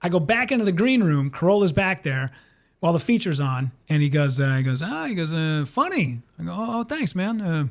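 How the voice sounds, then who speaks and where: A man from Minnesota, a comedian and one-time radio host, telling stories in a podcast interview. His voice sits high for a man and he moves lively through each story, acting out what other people said. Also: brisk. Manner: animated, acts out other people's lines in quoted voices.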